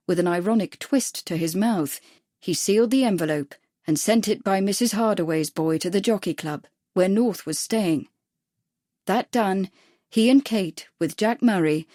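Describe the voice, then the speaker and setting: A woman's voice: mid-range voice, a little mellow, no echo, studio quality. Woman narrating a mystery audiobook. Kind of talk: scripted narration.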